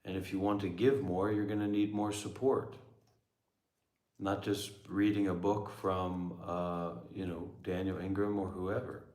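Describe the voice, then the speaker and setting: Blunt low-voiced man, echoey room. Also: level tone, a little slow, a little mellow. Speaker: meditation teacher, former monk. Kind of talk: livestream Q&A talk.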